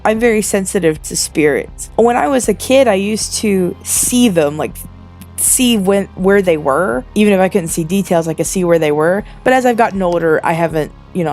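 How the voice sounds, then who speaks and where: A young woman casually recounting a spooky personal story as a vlogger, animated and full of quick asides. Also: mid-range voice, creaky. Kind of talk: casual ghost story narration over drawing.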